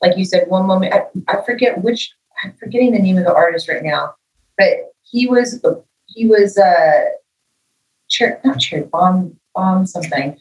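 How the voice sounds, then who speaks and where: A woman's voice: mid-range voice, normal speed, roomy sound, recorded from a distance, rough recording. A middle-aged woman, a musician, chatting in an interview and acting out the people in her stories. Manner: animated storyteller, acts out quoted dialogue. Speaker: guest musician. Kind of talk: casual interview talk.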